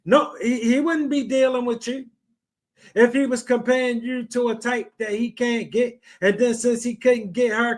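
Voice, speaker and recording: Male podcast host, very high-pitched, blunt and repetitive. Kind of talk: blunt advice talk.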